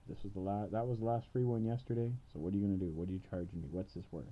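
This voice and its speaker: A man's voice: on the low side, fairly even intonation, very fast, lo-fi sound, close to an everyday voice. A man voicing an exasperated young daughter in a casual retold fairy tale, whiny and sarcastic. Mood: annoyed.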